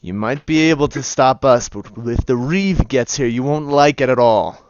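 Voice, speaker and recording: A man's voice: mid-range voice, normal speed, smooth, no room sound, dull audio, natural voice. A man voicing a stern, threatening swordsman guard in a tabletop game. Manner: firm, threatening.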